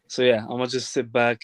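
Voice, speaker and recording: A man's voice: mid-range voice, a bit bright. A man joining a casual livestream as a guest, laid-back and agreeable. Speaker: guest viewer. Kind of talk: casual chat.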